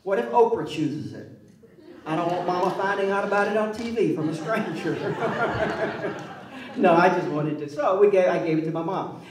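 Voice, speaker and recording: A man's voice: high voice, moderate pace, crowd noise. A man, telling wry personal stories at a public talk and acting out the voices in them. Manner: wry, animated, acts out voices in his stories. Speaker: author speaking at a public event. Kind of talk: personal storytelling. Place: museum event space. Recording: roomy hall, mic at a distance.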